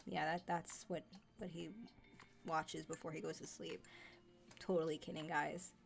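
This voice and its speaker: Young woman, low-pitched, rambling casual chat, frequent fillers, faint music behind. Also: flat delivery, measured pace, gravelly. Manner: rambling, many fillers and restarts. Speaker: livestream host.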